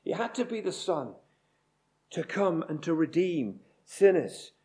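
Slow, high-voiced male preacher. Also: big pitch swings, warm tone. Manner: deliberate, emphatic preaching with slow repeated phrases. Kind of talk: sermon.

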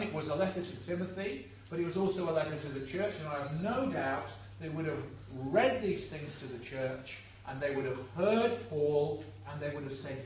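An older man delivers a sermon, earnest and conversational, with a slightly high voice and an unhurried pace. He is picked up from a distance by the mic, in a very echoey church. A faint hum sits underneath. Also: darkish tone. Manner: earnest, conversational preaching that addresses the congregation directly. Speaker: preacher.

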